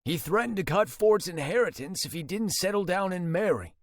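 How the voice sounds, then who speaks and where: A man's voice: sits high, lively intonation, a little fast, no echo, clean studio sound, voice pushed up. A man doing a smug, defensive twin brother. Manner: self-righteous, explaining.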